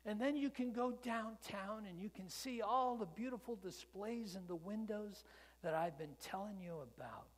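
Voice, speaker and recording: A man voicing a poor, eager young boy with a high, excited child's voice. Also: normal speed. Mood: tender.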